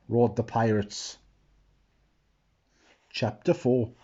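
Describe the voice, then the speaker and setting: A man slowly reading a children's picture book aloud, expressive and adding asides. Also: mid-range voice, husky, dull audio. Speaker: storyteller.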